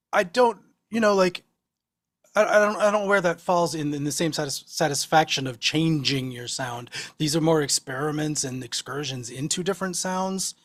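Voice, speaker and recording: Thoughtful man musing as co-host. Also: fairly high pitch. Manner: thoughtful, searching, many fillers. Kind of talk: casual chat on a video call.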